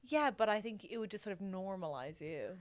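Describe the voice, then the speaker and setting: A woman's voice: medium pitch, animated, fairly quick, no echo. A woman co-hosting a chat podcast, teasing her friend with dry quips. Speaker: podcast co-host. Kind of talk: casual chat.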